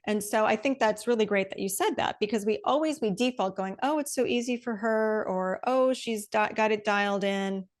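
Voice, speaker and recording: A woman's voice: mid-range voice, moderate pace, few pauses. A middle-aged woman hosting a podcast, chatting with enthusiasm and casual swearing as she gets fired up. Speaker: podcast host. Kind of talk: casual interview chat.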